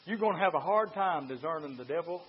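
A man voicing a sly male devil who taunts him in a low, hushed, mocking murmur, heard on a lo-fi recording. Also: animated, fast, a little hiss or hum, close to an everyday voice. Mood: taunting.

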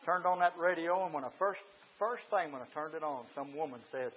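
Male preacher, high voice, shouts then confides, church sermon, muffled recording. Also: brisk, hardly any pauses, slight background noise. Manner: swings from shouting to quiet confiding. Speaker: pastor.

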